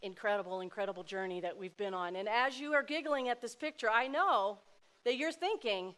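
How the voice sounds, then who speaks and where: A middle-aged woman giving a heartfelt personal speech to an audience, swinging between loud exclamations and soft asides. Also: medium pitch, brisk. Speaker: speaker at a dinner event.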